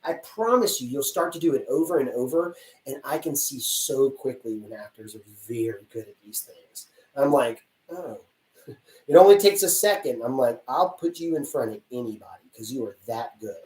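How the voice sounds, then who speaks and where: A man who works as a casting director is answering audience questions in a chatty, energetic way, acting out little scenes as he talks. His voice sits at an ordinary pitch, and it sounds roomy and distant, as if the mic is some way off. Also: moderate pace. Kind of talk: live-stream Q&A answers.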